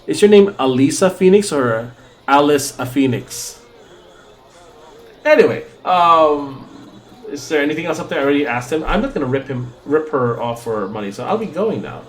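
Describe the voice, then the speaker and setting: A man's voice: on the high side, big pitch swings, brisk. A man hosting a game playthrough, rambling and joking with his chat. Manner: rambling, joking, chatting with viewers. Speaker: let's play host. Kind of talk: casual gameplay commentary.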